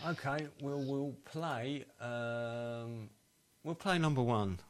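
A man's voice: mid-range voice, slow, noisy background. A man hosting a casual talk show, giving brief, hesitant replies. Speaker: podcast host. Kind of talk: casual chat.

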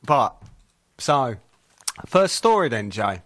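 Male podcast co-host, relaxed, filler-heavy chat, dry sound. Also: medium pitch, moderate pace, no room sound. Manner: relaxed, with fillers like um and you know. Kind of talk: casual political chat.

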